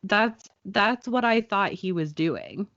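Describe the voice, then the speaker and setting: This podcast host, a woman in her thirties, has a mid-range voice and talks slowly as she tells a story in a casual chat, animatedly acting out the quoted people. There's no echo, but the audio sounds dull.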